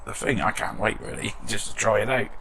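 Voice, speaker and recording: A man's voice: on the low side, animated, fairly quick, vocal fry, pushed and bright, husky. A British man hosting a model restoration channel, chatting casually in his shed workshop and reading out viewer comments with self-deprecating humour.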